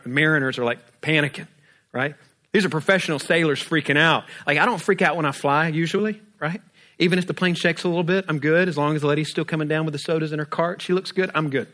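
A man's voice: a little high, fairly bright tone. A man pastor preaching a sermon, pressing with rhetorical questions and breaking in with humorous everyday asides.

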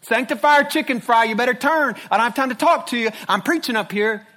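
A man voicing an impersonal street preacher who shouts rhyming threats through a cheap megaphone. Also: very high-pitched, quick pace, pitched above the performer's own voice. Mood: yelling.

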